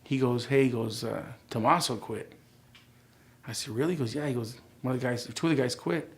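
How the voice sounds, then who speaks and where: A man in his forties tells his own story in an easygoing, conversational way. He voices the people he quotes with lively jumps in tone, then drops back to a quieter, reflective voice. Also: medium pitch, fairly quick. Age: 40s. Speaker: interviewee sharing his life story. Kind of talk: relaxed storytelling interview.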